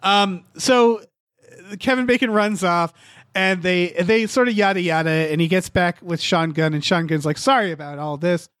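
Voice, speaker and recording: A man co-hosting a casual podcast chat, talking in an animated, profane way and acting out quotes. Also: sits high, moderate pace, clean tone, no room sound, clean studio sound. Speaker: podcast co-host.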